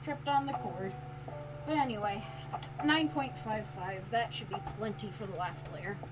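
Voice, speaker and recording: A woman's voice: medium pitch, measured pace. A woman livestreaming as she makes soap, chatting casually, laughing often and reading chat aloud. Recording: lofi music in background. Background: lofi music playing.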